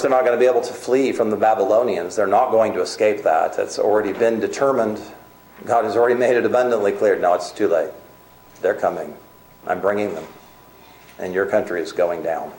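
Low-voiced man preaching in an echoey room. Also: a little mellow. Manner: earnest, emphatic preaching with varied pace. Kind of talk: sermon.

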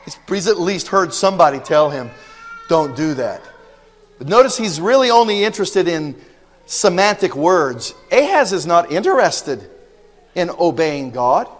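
A man preaching a sermon with emphatic outbursts and low asides, often repeating words as he restarts. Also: very animated, measured pace. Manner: emphatic, swings between loud exclamations and low asides. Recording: long hall reverb.

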